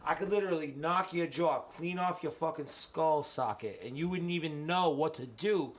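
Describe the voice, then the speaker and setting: A man's voice: on the high side, normal speed. Rowdy, profane male podcast host. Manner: loud, profane, rambling and excitable. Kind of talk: casual podcast banter.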